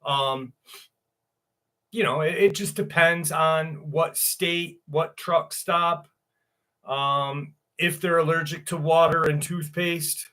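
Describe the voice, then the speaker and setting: A man chats loosely on a livestream, tossing off crude jokes and greeting viewers by name. His voice sits a little high and sounds bright and forward. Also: fairly even intonation, slow. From New York. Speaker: livestream host. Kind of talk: casual livestream chat.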